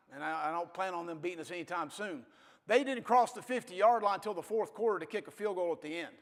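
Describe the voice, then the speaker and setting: A football coach in his fifties, a man with a rather high voice, tells stories to an audience in a blunt, folksy way. His motivational speech rings out in a reverberant hall. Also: fairly bright tone.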